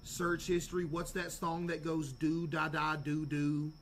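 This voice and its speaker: A man streams a game with a fairly high voice, trash-talking and cracking jokes. He suddenly breaks into loud yells. Clear game music plays behind him. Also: unhurried. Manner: loud, excitable, jokey trash talk with sudden yelling. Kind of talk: live gameplay commentary.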